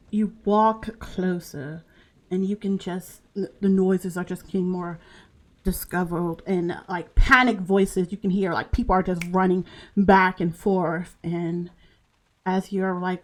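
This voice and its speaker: A woman narrating a tabletop game as game master, halting and full of fillers as she describes scenes. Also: lowish voice, level tone. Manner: slow, halting narration with many fillers and restarts.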